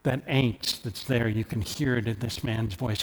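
A middle-aged man from Canada preaching a sermon as a pastor, earnest, lifting his voice for emphasis and dropping soft when he turns personal. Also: mid-range voice, fairly even intonation, measured pace, breathy edge. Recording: long hall reverb.

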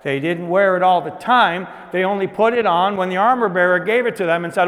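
A man preaching a sermon to a congregation in a conversational style, moving between loud emphasis and hushed asides. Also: high-pitched, fairly quick, in a large hall. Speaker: pastor.

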